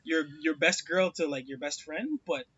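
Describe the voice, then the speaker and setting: A man co-hosting a podcast, talking in an excitable, casual way with lots of filler words. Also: on the high side, moderate pace, highs cut off, heavy background noise. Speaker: podcast co-host. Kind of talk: casual chat.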